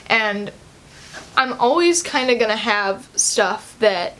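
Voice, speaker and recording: Teen girl vlogging, kinda high voice, says like and um a lot, super casual. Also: expressive, slow, a bit bright. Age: about 17, teenage girl. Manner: chatty, loose, full of "like" and "um" fillers. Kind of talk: casual personal story to camera.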